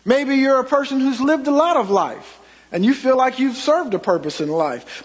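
A middle-aged man delivers a storytelling sermon in a high, slightly husky voice. He swings from loud emphatic lines to hushed asides. A long reverb from the church hall trails after his words. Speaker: pastor.

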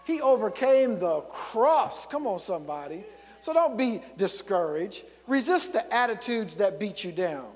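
A man's voice: sits high, very animated, unhurried, long reverb tail. A man preaching a sermon, rousing the congregation with repeated calls.

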